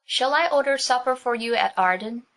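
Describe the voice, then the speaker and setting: A woman voicing a bold, gallant male highwayman who is commanding at one turn and gently teasing at the next. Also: normal speed, close to an everyday voice, rough recording. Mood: mocking. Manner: commanding, then gentle and mocking.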